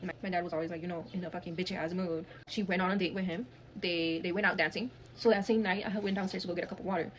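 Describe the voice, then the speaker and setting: A woman's voice: lowish voice, fairly even intonation, racing, muffled recording, a little hiss or hum. A woman, telling a dramatic personal story in a blunt, heavily cursing manner. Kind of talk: casual storytime monologue.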